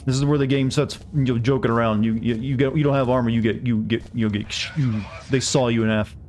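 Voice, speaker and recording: A man's voice: medium pitch, fairly even intonation, quick pace, darkish tone, soft background music. A male streamer giving casual, rambling gameplay commentary while chatting with viewers. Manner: chatty, rambling, many restarts.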